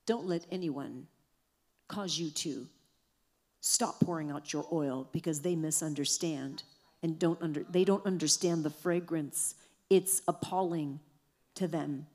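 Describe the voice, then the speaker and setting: A woman preaching a sermon, building to loud exhortation with repeated phrases. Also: low voice, a little slow.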